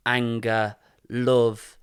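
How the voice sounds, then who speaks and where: A man's voice: medium pitch, flat delivery, extremely slow, clean tone. A man co-hosting a podcast, chatting casually with slang and laughing easily. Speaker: podcast co-host. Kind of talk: casual chat.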